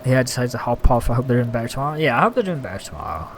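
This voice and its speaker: A man's voice: mid-range voice, very fast, a little hiss or hum. A young man chatting casually on a gaming livestream, thanking viewers and reacting to the game. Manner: chatty, reads out gift thanks, animated. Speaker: streamer.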